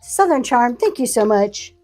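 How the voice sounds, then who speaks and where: Her voice is a little high and darkish, with an unhurried, sing-song lilt, and faint music plays in the background. She runs a live online auction, chatting casually while showing vintage items and thanking buyers by name.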